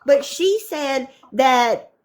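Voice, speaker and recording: A woman's voice: high voice, animated, very slow. A woman on a livestream call, venting in an emphatic, profane, exasperated way. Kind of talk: heated casual livestream chat.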